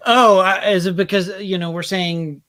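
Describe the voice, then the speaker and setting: A man with a notably high voice co-hosts a podcast in loose, casual chat. He rambles through his anecdotes with plenty of filler and laughs at his own punchlines. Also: fairly even intonation, moderate pace, fairly bright tone. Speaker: podcast co-host.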